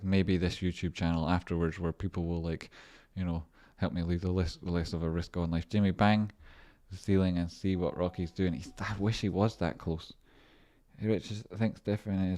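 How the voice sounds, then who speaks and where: Deep-voiced man chatting on a trading stream. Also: warm tone. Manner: rambling, joking and swearing while reading chat. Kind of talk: casual livestream chat.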